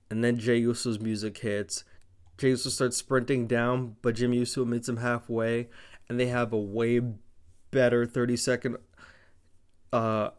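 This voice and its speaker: A young man casually recapping a wrestling show, rambling, excited and profane. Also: medium pitch, clear, resonant tone. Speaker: wrestling reviewer.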